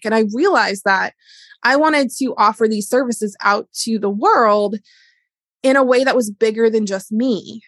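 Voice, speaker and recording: A woman's voice: a little high, normal speed, no echo. A middle-aged woman and wellness educator talking candidly and casually in a solo monologue, with lots of "like". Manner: candid, chatty, heavy use of "like". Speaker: wellness educator and business owner.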